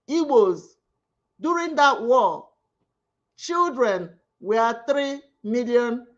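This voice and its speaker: A woman from southeastern Nigeria with an Igbo accent hosts her own online media channel, making a passionate, pleading appeal that repeats itself heavily. Her voice is on the high side and a bit bright, and the audio is lo-fi.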